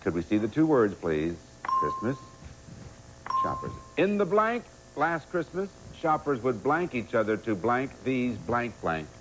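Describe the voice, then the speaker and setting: A man hosting a game show, lively and encouraging, quick to laugh with the players. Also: medium pitch, noisy background.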